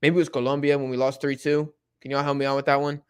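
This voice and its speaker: A young man casually chatting through a live football watch-along, reading and answering chat in relaxed slang. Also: medium pitch, fast talker, clean tone. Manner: laid-back slang-heavy chatter, many fillers.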